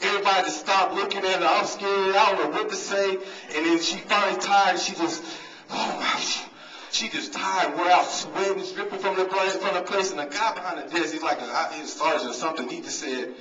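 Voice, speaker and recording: A man coaching and guest speaking at a banquet tells stories to the crowd in a funny, motivating speech. His voice sits high, a bit fast, with a sharp tone. The recording is dull, taken from a distance in an echoey hall.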